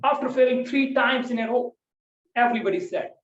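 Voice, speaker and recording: A man giving a prepared club speech over a video call, emphatic, with dramatic swings between loud and soft. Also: very high voice, brisk. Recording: distant, echoey, dull lo-fi call audio.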